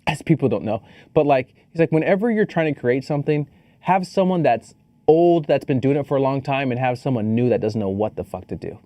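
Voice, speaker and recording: A man co-hosting a podcast, giving a casual movie review, animated and swearing freely. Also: mid-range voice, dry recording. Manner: animated, swears freely, quotes people in quick asides. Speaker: podcast co-host.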